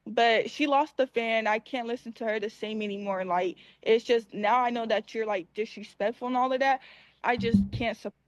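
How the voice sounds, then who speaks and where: A woman's voice: a little high, moderate pace, no echo, poor audio. A woman from Los Angeles casually telling her side of a fight, chatty and matter-of-fact. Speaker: woman recounting a fight in a video clip. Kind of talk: casual storytelling.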